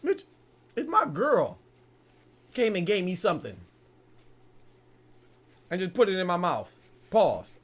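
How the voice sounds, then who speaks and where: A young man hosting a casual boxing podcast, talking in a heated, animated way and peppering his lines with "bro" and profanity. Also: high voice, takes it slowly, pauses often, husky. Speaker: podcast host.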